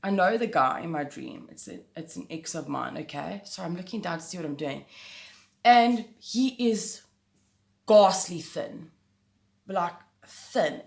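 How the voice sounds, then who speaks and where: Woman telling a story in an echoey room. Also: medium pitch. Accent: South African. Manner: animated, emphatic, swears mildly. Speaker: vlogger. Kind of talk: casual storytelling to camera.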